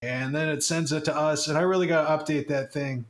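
A man's voice: a little high, steady tone, fairly quick. A man hosting a podcast in casual chat, joking and swearing freely as he rambles. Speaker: podcast host. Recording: roomy echo.

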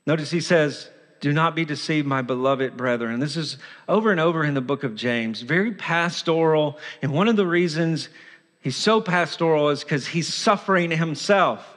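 A man preaches with urgent earnestness, briefly acting out the proud voice of sin. His voice sits fairly high for a man. The sound rings with long reverb, as in a church sanctuary. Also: lively intonation, moderate pace, fairly bright tone. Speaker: pastor. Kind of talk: sermon.

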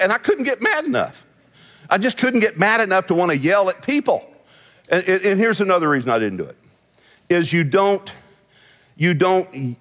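Middle-aged male pastor, folksy storyteller, animated and fairly high-pitched, long reverb of a church hall. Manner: folksy, storytelling, laughs often. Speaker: senior pastor. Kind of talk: conversational sermon with humor. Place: church sanctuary.

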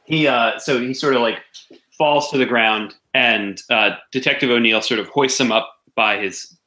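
A man narrating as game master of a tabletop role-playing game, halting and full of fillers. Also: medium pitch, sharp tone, echoey room, poor audio.

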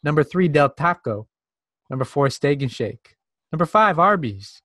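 A man's voice: a little high, lively intonation, normal speed, fairly bright tone, no echo, studio quality. A man co-hosting a podcast, laid-back and reading out a ranking list in casual chat. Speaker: podcast co-host.

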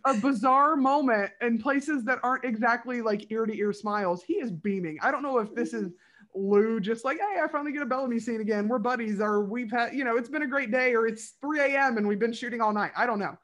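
A woman co-hosting a casual podcast, talking through a TV episode with fan enthusiasm. Her speech is loose and chatty, scattered with "like" and quick asides. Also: on the high side, fairly bright tone. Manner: chatty and enthusiastic, many "like" fillers. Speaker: podcast co-host.

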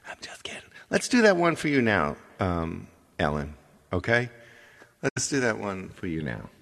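Low, gravelly man hosting a casual live stream, lively and joking, with long roomy reverb. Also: unhurried. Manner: joking, rambling, playful. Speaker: live stream singer host.

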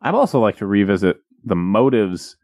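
A man casually retelling a fairy tale with jokes, rambling and slipping into quick character voices. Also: lowish voice, very animated, darkish tone, no echo, studio quality. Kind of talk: casual comedic chat.

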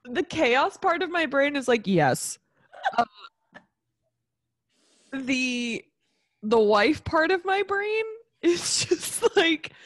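A woman's voice: high voice, fairly bright tone, dry recording, clean studio sound. A woman co-hosting a casual chat, tipsy and rambling off on giggly tangents. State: tipsy from tequila. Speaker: podcast co-host.

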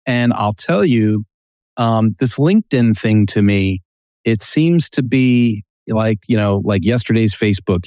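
A man who is a guest on a casual podcast interview, telling business stories in an animated way and acting out quotes. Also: on the low side, dry recording, clean studio sound. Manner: storytelling, animated, acts out quotes.

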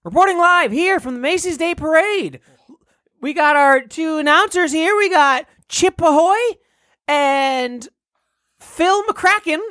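A man voicing an excitable male parade radio announcer who rambles in hyped, shouty patter. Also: extremely high pitch, no room sound, clean studio sound, pitched above the performer's own voice, exaggerated voice. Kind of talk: improvised comedy bit.

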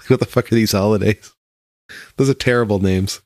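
Laid-back low-voiced man chatting. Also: steady tone, moderate pace, pauses often, a little mellow, dry recording, clean studio sound. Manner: laid-back, swears, laughs often, quotes lines in mock voices. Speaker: podcast co-host. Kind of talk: casual chat.

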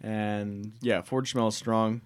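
A man's voice: lowish voice, fairly even intonation, slow pace, clear, resonant tone. A man narrating as game master in a casual tabletop game, with dry jokes.

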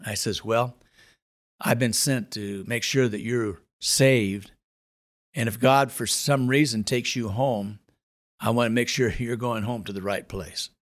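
A man's voice: mid-range voice, fairly even intonation, unhurried. Earnest storytelling pastor, a man. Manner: earnest, dramatic storyteller with building emphasis. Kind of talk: spoken testimony storytelling.

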